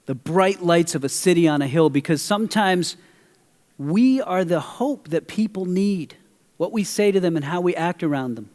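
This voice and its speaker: A middle-aged man preaching from the pulpit, moving between teaching and an animated personal story. His voice sits somewhat high, and a long hall reverb trails every phrase. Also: moderate pace. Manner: animated, acts out a story with quoted voices and audience questions. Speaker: pastor. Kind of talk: sermon with storytelling.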